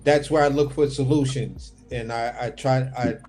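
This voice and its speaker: A man's voice: mid-range voice, steady tone, moderate pace, darkish tone, soft background music. A man hosting a casual boxing talk over a remote livestream call, laid-back and rambling, swearing offhand. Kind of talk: casual chat.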